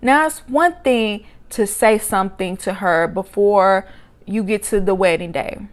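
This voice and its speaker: Woman vlogger, sassy reality-show recap, expressive, mid-pitched voice, casual commentary. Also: measured pace. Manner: expressive, sassy, with sharp jumps up in pitch when exclaiming.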